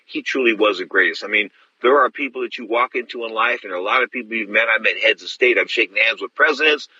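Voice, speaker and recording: A man's voice: on the low side, fast, pushed and bright, breathy edge, highs cut off. A middle-aged man hosting a boxing radio show, telling a story with emphasis and calling his listeners folks. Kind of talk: animated radio talk.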